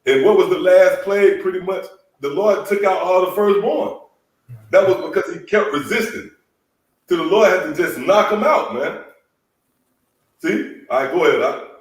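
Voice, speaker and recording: A man's voice: sits high, normal speed, recorded from a distance. Emphatic preacher man in an echoey room. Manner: emphatic, calls out "man" and "come on". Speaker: teacher leading a scripture lesson. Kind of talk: preaching scripture lesson.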